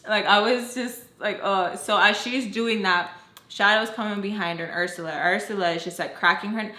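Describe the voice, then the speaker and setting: A young woman telling a personal story to her viewers in a chatty, animated way, full of fillers and acted-out quotes. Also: medium pitch, normal speed, reverberant. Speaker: storytime vlogger. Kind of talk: casual storytelling.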